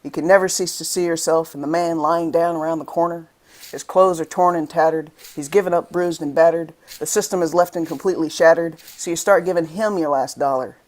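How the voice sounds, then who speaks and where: A spoken word poet from the United States, reading verse in a rhythmic, impassioned voice. The delivery keeps rising into angry emphasis at mid pitch. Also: steady tone, fairly quick, a little mellow. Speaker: guest poet.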